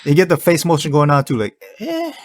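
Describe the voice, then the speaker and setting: A man's voice: on the high side, no echo. A young man chatting casually on a podcast, laughing and imitating phrases as he explains them. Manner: slow, lively, laughs and mimics phrases. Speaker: podcast guest.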